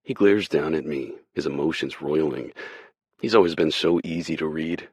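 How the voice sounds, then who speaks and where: A man reads a first-person romance audiobook in a wry, brooding way. His voice sits extremely low with a husky grain, recorded dry and close. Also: moderate pace, a little mellow, no echo. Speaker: audiobook narrator.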